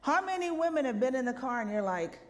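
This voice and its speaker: Animated woman preaching in a reverberant hall. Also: sits high, fast talker. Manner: animated, conversational preaching with rhetorical "right?" asides. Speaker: minister. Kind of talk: sermon. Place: church sanctuary.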